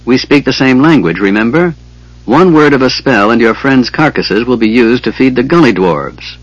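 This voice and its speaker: A man voicing a menacing female dragon who speaks in a smooth, sneering and threatening way, reading a fantasy audiobook. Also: mid-range voice, expressive, normal speed, highs cut off, lightly acted.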